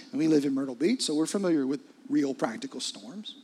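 A man preaching a sermon in a conversational, intimate way, often dropping into hushed asides. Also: medium pitch, lively intonation, a little fast, husky. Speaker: pastor.

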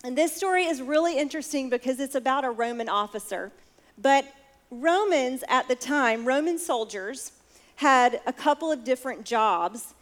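A woman's voice: sits high, lively intonation, moderate pace. Woman preaching with storytelling verve. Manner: storytelling, asks the listeners direct questions. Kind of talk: sermon.

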